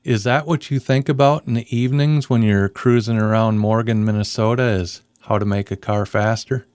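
A man hosting an interview, asking measured, prepared questions. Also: on the low side, fairly even intonation, darkish tone, clean tone, no room sound, studio quality. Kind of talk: podcast interview.

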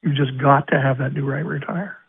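An older racetrack announcer from Arizona tells his stories in a gravelly, husky voice that sits a little high for a man. He acts out both sides of every conversation. The sound comes through a thin, phone-like radio line. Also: a little fast. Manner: animated storyteller acting out quoted dialogue. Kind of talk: storytelling interview.

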